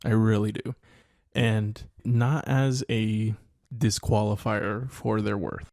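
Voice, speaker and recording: A father and podcast co-host thinks out loud in casual chat, hedging and laughing easily. His tone is mellow and relaxed. The sound is dry and close to the mic. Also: lowish voice, slow, creaky, dry recording.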